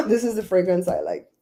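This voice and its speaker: A woman's voice: medium pitch, darkish tone. A woman hosting a casual livestream, chatting with viewers by name and laughing often. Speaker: livestream host.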